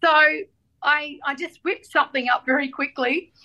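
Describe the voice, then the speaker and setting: A middle-aged Australian woman, a guest author, telling stories in a lively way and acting out the voices in her anecdotes. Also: high voice, moderate pace, rough recording. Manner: animated storyteller, acts out voices in anecdotes. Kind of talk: casual chat.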